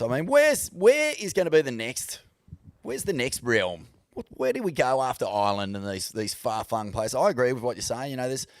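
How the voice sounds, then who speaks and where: A man's voice: on the low side, dry recording, studio quality. A young Australian man co-hosting a podcast in casual chat, rambling, laid-back and swearing constantly. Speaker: podcast co-host.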